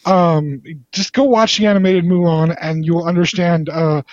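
A man's voice: on the high side, fairly even intonation, normal speed, a little mellow, no room sound. A man chatting casually about movies, enthusiastic and rambling, with playful teasing. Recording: slightly dull lo-fi sound.

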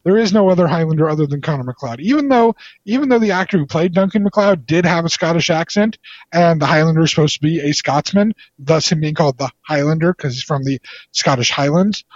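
Talking fast in a slightly high voice, a man chats casually about movies, enthusiastic, rambling, and playfully teasing. There's no echo, though the lo-fi recording sounds a little dull.

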